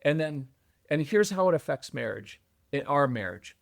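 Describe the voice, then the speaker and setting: A middle-aged man with a slightly high voice talks as a podcast guest. He speaks in an animated way and slips into other people's voices to make a point. The sound is dry and close to the mic. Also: moderate pace, gravelly, no echo. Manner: animated, acts out quoted voices with jumps in pitch. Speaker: podcast guest, parenting coach. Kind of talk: conversational interview.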